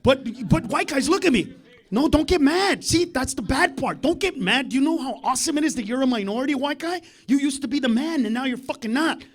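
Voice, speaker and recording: Brash high-voiced stand-up comedian. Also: male voice, lively intonation, a little fast. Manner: loud, brash, profane ranting.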